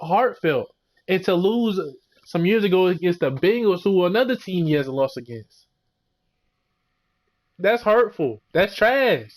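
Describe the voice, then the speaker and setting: A young man, his voice sitting a little high, rants in a casual, slangy way. He keeps circling back to "bro" and "man" as he vents like a fed-up fan. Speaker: sports vlogger.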